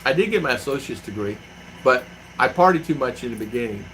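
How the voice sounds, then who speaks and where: A man's voice: mid-range voice, lively intonation, fast talker, a bit bright, slight background noise, rough recording. A middle-aged man hosting a live stream from home, telling rambling stories and answering viewers by name. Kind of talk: casual live-stream chat. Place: home in the Philippines.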